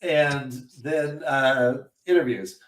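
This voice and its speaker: A man co-hosting a podcast in casual chat, animated and self-mocking, often trailing off mid-sentence. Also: mid-range voice, slow, recorded from a distance. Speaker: podcast co-host.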